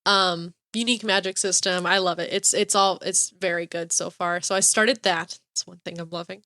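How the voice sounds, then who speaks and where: A woman's voice: lowish voice, steady tone, moderate pace, bright, forceful tone, dry recording. A woman co-hosting a podcast, chatting casually and gushing about books with lots of "like" fillers. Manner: bubbly, gushing, many fillers like "like". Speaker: podcast co-host. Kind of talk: casual chat.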